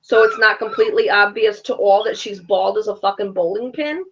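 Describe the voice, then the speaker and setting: A woman co-hosting a casual reality TV chat with her son, ranting in a blunt, profane, animated way. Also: mid-range voice, fairly quick, dull audio. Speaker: podcast co-host, mother.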